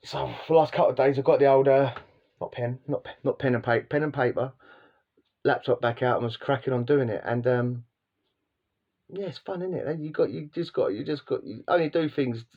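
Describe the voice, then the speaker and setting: A man's voice: mid-range voice, fairly quick, dull audio. Rambling man telling stories. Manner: rambling, slangy, many repeats and restarts. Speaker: vlogger. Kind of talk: casual storytelling monologue.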